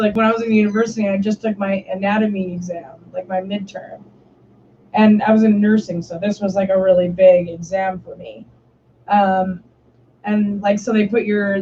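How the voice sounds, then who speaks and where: Over muffled, lo-fi stream audio with a little hiss or hum, a young female host chats casually and tells stories. She curses a lot and leans heavily on "like," in a warm, mid-range voice.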